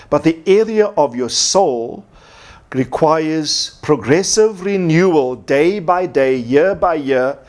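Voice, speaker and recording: A man's voice: on the high side, darkish tone. A man preaching a sermon as pastor, from South Africa, emphatic and repeating his key points.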